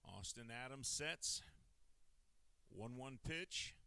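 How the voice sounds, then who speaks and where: A male play-by-play announcer calls a baseball game pitch by pitch in a steady, measured way. His voice is bright and forceful, slightly higher than most men's, with a crisp, smooth clarity and a dry, close sound. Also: dry recording. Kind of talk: live baseball commentary.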